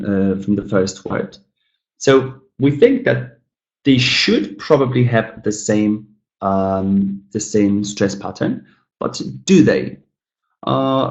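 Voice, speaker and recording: A man teaching an online English lesson on word stress. He talks casually to the class, calls them "guys", invites answers in the chat, and repeats example words slowly. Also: on the low side, highs cut off.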